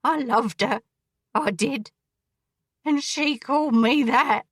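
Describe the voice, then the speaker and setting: A menacing, crippled male dressmaker, a killer, as a woman reads him. He confesses in a slow, brooding drawl, in a bright, tense tone. The sound is dry and close, as in an audiobook. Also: high voice, no room sound, heavily acted. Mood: brooding confession. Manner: slow, brooding, coarse dialect.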